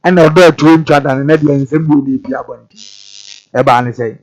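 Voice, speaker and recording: High-voiced man explaining scripture. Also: steady tone, brisk, darkish tone, faint music behind, poor audio. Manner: expounding on scripture, repeating each verse and explaining it; mixes Twi with English phrases. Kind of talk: TV talk show discussion.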